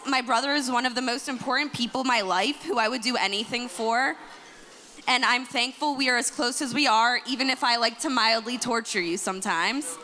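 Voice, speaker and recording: A woman's voice: on the high side, bright, forceful tone, slight background noise. A woman in her twenties giving a joking wedding toast as the groom's sister, in a reception hall. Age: 20s. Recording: echoey hall with faint ambience.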